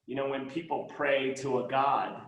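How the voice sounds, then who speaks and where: Earnest man with gravelly, echoey voice. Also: medium pitch, level tone, normal speed. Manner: earnest, emphatic, repeats phrases for stress. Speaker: guest speaker. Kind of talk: conversational storytelling. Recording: roomy echo.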